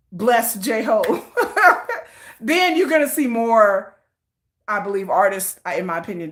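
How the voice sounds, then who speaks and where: A woman hosting a casual livestream, animated and slangy, laughing often. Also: on the low side. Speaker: livestream host.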